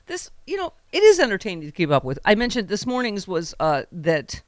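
A woman hosts a casual political talk show with a mid-range voice and quick, wry asides. She talks loosely with her guest and jokes as she goes. The sound is close and dry. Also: medium pitch, wildly swooping pitch, no echo. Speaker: talk radio host.

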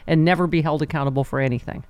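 A woman's voice: low voice, steady tone, racing, darkish tone, dry recording. A woman hosting a radio talk show, chatty and wry in casual conversation.

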